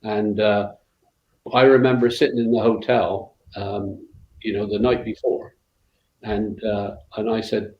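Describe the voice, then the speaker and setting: A man's voice: lowish voice, level tone, a little slow. An older man with a West Country accent, a former rally co-driver telling long stories in an interview, rambling with lots of fillers and restarts. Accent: West Country English. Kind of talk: anecdotal interview storytelling. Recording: roomy, dull lo-fi sound.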